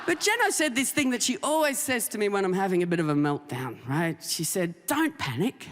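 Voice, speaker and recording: A woman stand-up comedian who talks in an animated, self-mocking way and acts out her frantic inner monologue. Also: mid-range voice, brisk, big-room sound.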